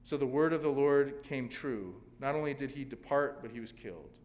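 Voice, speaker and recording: A man's voice: medium pitch, moderate pace, darkish tone, big-room sound. A male pastor preaching a sermon, telling a scripture story dramatically with sudden swells of emphasis.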